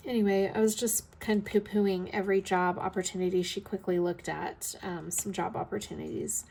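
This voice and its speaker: A woman in her fifties talks through her week in a loose, rambling vlog chat, full of ums and trailing asides. Her voice has a gravelly, fry-edged texture and a slightly scratchy throat. She sounds tired and keeps yawning between thoughts. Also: mid-range voice, steady tone, moderate pace, hardly any pauses, a little mellow. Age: 50s. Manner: rambling, chatty, with frequent ums and yawns. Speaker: vlog host. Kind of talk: casual chat while crafting.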